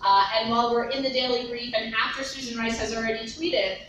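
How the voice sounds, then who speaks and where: A woman telling a story at a summit in an animated, laughing way, full of fillers. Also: fairly high pitch, brisk, slight background noise. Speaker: panel speaker at a summit. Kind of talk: storytelling talk. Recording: echoey hall recording from far off.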